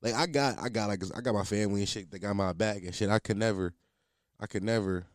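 A man's voice: lowish voice, quick pace, no echo, clean studio sound. A man in his twenties talking in a casual solo podcast monologue, rambling and profane, laughing at himself. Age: 20s.

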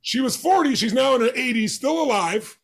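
A man's voice: very high voice, animated, a little fast, fairly bright tone. A man who is an interview guest, telling a personal story with animation and acting out the dialogue with emphatic voices.

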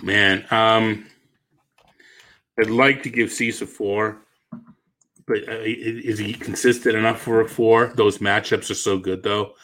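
A man's voice: fairly low pitch, little pitch movement, unhurried, pauses often, pushed and bright. A man with a Boston accent co-hosting a sports podcast, thinking aloud in casual chat, correcting himself and laughing easily. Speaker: fantasy baseball analyst, co-host.

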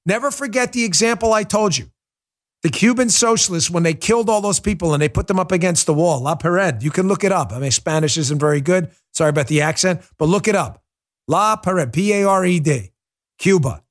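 A man's voice: high-pitched, a bit bright. A man hosting a political commentary show, delivering a heated, emphatic monologue. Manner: fiery, emphatic, repetitive ranting.

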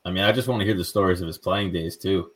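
A man's voice: low-pitched, fast, fairly bright tone. A man co-hosting a hockey podcast in a laid-back way, introducing the guest. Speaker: podcast co-host. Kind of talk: casual chat.

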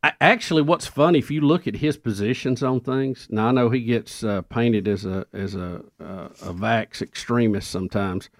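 A man's voice: medium pitch, normal speed, hardly any pauses, no echo, studio quality. A man co-hosting a talk radio show, chatting with strong opinions. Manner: conversational, opinionated. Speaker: radio co-host. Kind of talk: casual talk radio banter.

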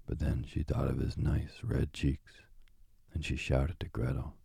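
Very deep, gravelly male storyteller. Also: level tone, unhurried, dark tone, dry recording, studio quality. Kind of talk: fairy-tale reading.

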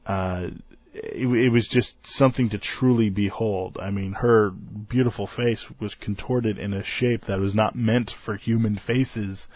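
Man, podcast host, tired, rambling, low-ish voice, dry lo-fi sound. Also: steady tone, a little slow, dry recording. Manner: rambling, self-deprecating, laughs often. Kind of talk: casual convention recap.

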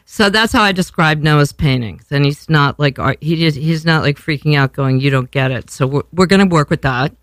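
A woman's voice: deep voice, moderate pace, few pauses, no echo. An older woman hosting a chat show, casual and rambling, cursing freely and poking fun at herself. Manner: rambling, profane, self-deprecating. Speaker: podcast host.

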